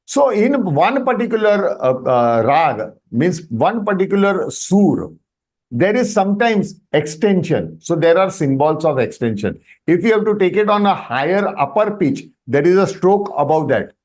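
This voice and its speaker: A man's voice: sits high, big pitch swings, normal speed, darkish tone. A man with an Indian English accent teaching Sanskrit on a video call, explaining and checking with students as he goes. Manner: explains with questions to students, mixes Hindi into English. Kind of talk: online workshop lesson.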